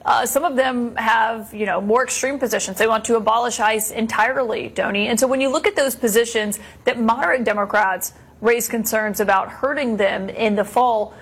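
Husky female TV news anchor. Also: on the high side, steady tone. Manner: probing, slightly halting. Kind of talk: TV news interview question.

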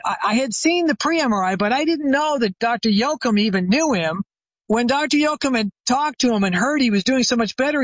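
A man's voice: very high-pitched, no room sound. Guest expert, retired chiropractor, man, vivid storyteller; dry, muffled sound. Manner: animated anecdote teller, acts out quoted phone calls. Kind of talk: storytelling interview. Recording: dry, slightly dull sound.

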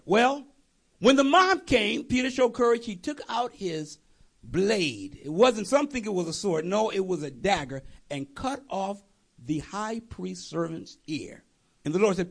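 A man preaching an animated, conversational storytelling sermon with jokey asides. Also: sits high, moderate pace, gravelly.

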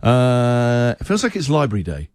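A man's voice: mid-range voice, wildly swooping pitch, moderate pace, a little mellow, no echo, studio quality. A man hosting a radio breakfast show, bantering with callers in an upbeat, teasing way and laughing easily.

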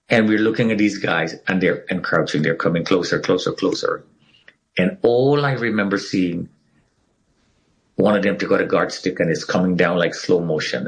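A man with a fairly low voice tells a personal story to an interviewer. He is an animated storyteller whose pitch swings widely as he acts out what other people said. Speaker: interview guest. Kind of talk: telling a personal story in conversation.

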